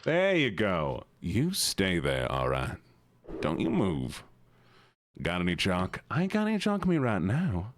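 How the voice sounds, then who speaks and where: A man's voice: low-pitched, wildly swooping pitch, unhurried, pitched below the performer's own voice, heavily acted. A man putting on a folksy, drawling country voice, bossing around critters he has penned up.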